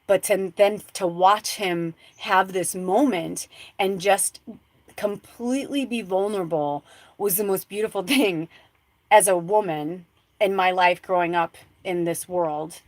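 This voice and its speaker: Speaking a little slowly in a mid-range voice, a live spiritual talk show host rambles through a casual story, restarting often and using many fillers, her tone rising from hushed to excited. There's no room sound.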